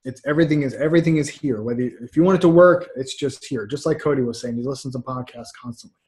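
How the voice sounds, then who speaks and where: Speaking fast in a mid-range, somewhat dark voice, this middle-aged man works as a mindset coach and is being interviewed over video call. His talk is casual and rambling, full of repeated words and frank energy, captured by a webcam roughly two feet off.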